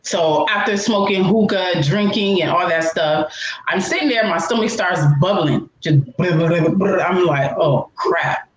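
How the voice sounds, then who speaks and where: A woman's voice: unhurried, reverberant, poor audio. A woman telling a funny, embarrassing story in a casual chat, with big swoops in her voice. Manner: animated, laughing storyteller with swooping pitch. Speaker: co-host.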